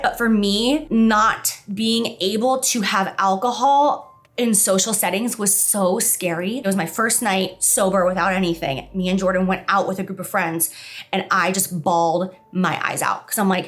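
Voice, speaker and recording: A woman vlogger talking in a casual confessional way, emotional and expressive, her voice leaping up in pitch. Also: normal speed. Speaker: beauty vlogger. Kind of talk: casual confessional vlog talk.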